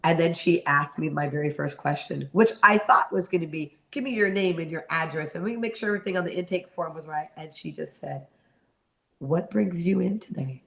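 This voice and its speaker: A middle-aged woman with a low voice and a gravelly edge, a guest in an interview. She tells her story in an animated way and acts out the voices of the people she quotes. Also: a little fast.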